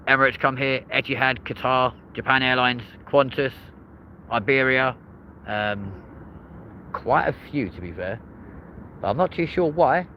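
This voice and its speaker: Streaming live from beside a runway, this aviation host chats easily with his audience, reads out the chat, and addresses people as "mate" and "folks." His voice runs on the low side, heard through a muffled recording with slight background noise.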